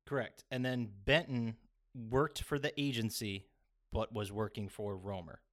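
A man's voice: lowish voice, fairly even intonation, measured pace. A man talks loosely through a video game's story on a casual podcast, drifting between thoughts. He swears casually and breaks into laughter often. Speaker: podcast co-host. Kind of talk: casual chat reviewing a video game.

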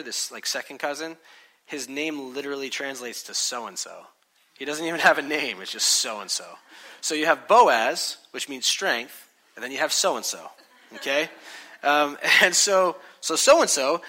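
A man's voice: a little high, pushed and bright. A man in his thirties preaching a sermon to a congregation, telling stories in a conversational way and acting out quotes. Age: 30s. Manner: conversational, storytelling with acted-out quotes. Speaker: pastor. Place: church hall with congregation.

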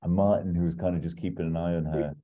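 He talks fast in a deep voice with fairly even intonation. The podcast host casually walks through a made-up film plot, rambling with many ums and asides, captured on dull, muffled audio.

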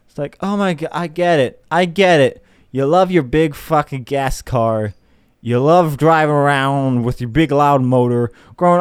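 This time the young podcast host's voice sits a little high, clear and resonant, moving at an unhurried pace. He rants casually and in exasperation, swearing and mocking his opponents, recorded dry with clean studio sound.

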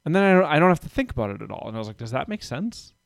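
A man's voice: fairly high pitch, sing-song, racing, gravelly, dry recording, studio quality. A man in his thirties chatting casually, rambling through stories about his kids and doing their voices. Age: 30s. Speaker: parent telling stories. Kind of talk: casual chat.

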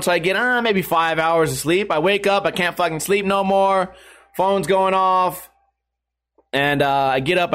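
A man's voice: high voice, fairly bright tone. A man streaming live, telling a rambling story to his chat with frequent swearing and bursts of laughter.

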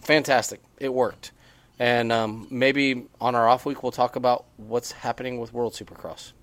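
A man's voice: mid-range voice, flat delivery, normal speed, a bit bright. Chatty man co-hosting a podcast. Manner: chatty, rambling with restarts. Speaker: podcast co-host. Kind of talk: casual podcast chat. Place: on a porch.

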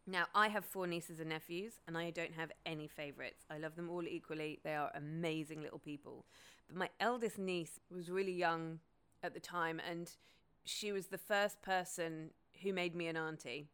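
A woman's voice: deep voice, steady tone, moderate pace, a bit bright, clean tone. A woman, hosting a podcast in a candid, casual, sweary monologue. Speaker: podcast host.

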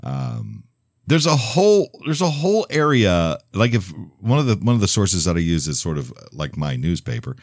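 Speaking at a moderate pace with big pitch swings, a man with a lowish voice hosts a radio talk show. His casual monologue wanders bluntly through his opinions, with frequent restarts and asides, recorded clean in the studio with no room sound.

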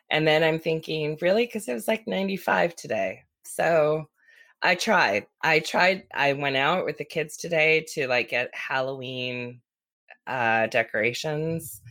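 A woman's voice: low voice, fairly bright tone. Chatty woman podcast co-host. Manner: chatty, lots of "like" and "you know". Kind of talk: casual podcast chat.

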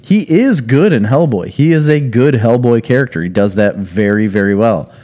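A man's voice: medium pitch, lively intonation, moderate pace, mellow. A man co-hosting a casual podcast chat about comic book movies, joking and teasing his co-host.

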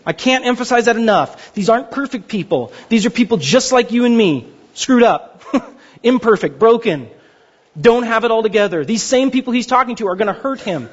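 A man preaching a sermon as pastor, animated and joking, acting out voices of others. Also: sits high. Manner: animated, jokey delivery with mock voices. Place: large church hall. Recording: dull sound with long hall reverb.

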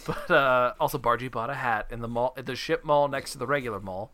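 A man's voice: medium pitch, brisk, pushed and bright. A man co-hosting a casual podcast chat, joking and arguing playfully with lots of fillers. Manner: joking, argumentative, filler-heavy. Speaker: podcast co-host.

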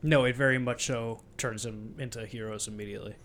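A man's voice: medium pitch, steady tone, a little fast, fairly bright tone. Blunt, sarcastic man recapping a movie. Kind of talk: casual chat recapping a movie.

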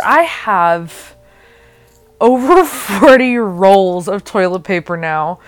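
A young woman with a lowish voice hosts a casual solo podcast from home, rambling, giggling, and poking fun at herself. There's a little hiss or hum in the recording.

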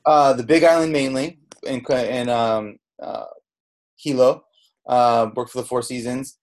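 Speaking a little slowly in a steady, medium-pitched voice, this middle-aged Southern Californian chef rambles through his story as a podcast guest. He's candid, restarting sentences and quoting dialogue, recorded on a podcast mic in a casual interview.

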